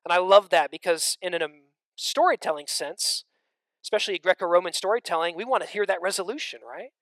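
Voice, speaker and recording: A man's voice: high voice, brisk, no room sound. Dynamic male preacher, dry close sound. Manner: swings between loud emphatic stretches and hushed, near-whispered lines; conversational asides to the congregation. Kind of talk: sermon.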